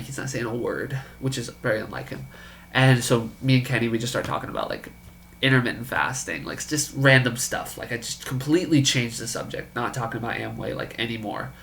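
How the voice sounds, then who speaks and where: A man's voice: mid-range voice, creaky, fairly bright tone, slight background noise. Incredulous man telling a story. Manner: incredulous, quoting others in dialogue. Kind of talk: casual storytelling.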